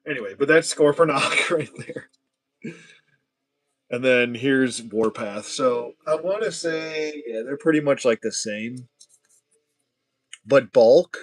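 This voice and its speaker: Man, mid-pitched, casual livestream chatter, jokey, talks to himself. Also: slow, pauses often. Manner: hushed whispering at times. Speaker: toy collector host. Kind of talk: casual livestream toy build.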